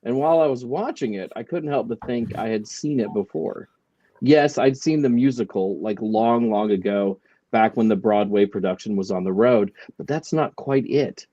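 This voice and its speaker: A man's voice: lowish voice, moderate pace, warm tone, no room sound. A man on a panel discussion, giving prepared remarks in a dry, joking manner. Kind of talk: casual chat, prepared commentary. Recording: dull dry sound.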